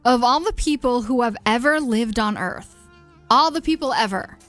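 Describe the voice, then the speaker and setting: A woman's voice: fairly high pitch, animated, normal speed, fairly bright tone. Woman, radio co-host, chatty, easy laughter, faint music bed. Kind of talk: casual radio chat.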